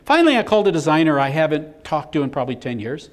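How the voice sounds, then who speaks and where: A man's voice: fairly high pitch, fast talker. A middle-aged man giving a business seminar, telling stories and acting out the quotes. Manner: animated storyteller acting out quotes. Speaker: business speaker. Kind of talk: live seminar presentation.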